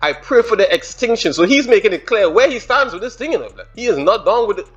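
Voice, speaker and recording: A man, hosting a music reaction channel, breaking down lyrics in excited, slangy casual commentary. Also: sits high, fast, highs cut off.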